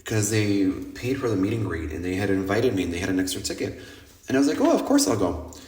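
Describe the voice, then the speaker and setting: Animated male podcast host in a roomy space. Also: low-pitched, fast talker. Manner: animated, swears freely, acts out quoted people. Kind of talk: casual storytelling monologue. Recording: roomy echo.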